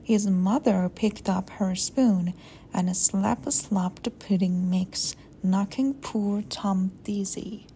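A woman's voice: medium pitch, steady tone, slow pace, warm tone, a little hiss or hum. A woman reading a children's story aloud expressively, with playful sound words.

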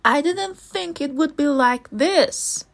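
A woman's voice: high voice, takes it slowly, voice pushed up. A woman voicing an easily amazed young boy in a storybook reading.

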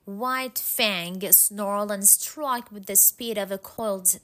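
A woman reads a storybook aloud at a slow, unhurried pace. Her delivery is calm and measured. Her voice sits at an ordinary middle pitch. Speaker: narrator. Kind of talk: scripted storybook narration.

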